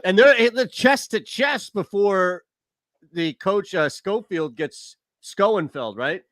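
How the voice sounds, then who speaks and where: A man's voice: high voice, animated, takes it slowly, fairly bright tone, no room sound. A man hosting casual sports talk radio, chatty and rambling.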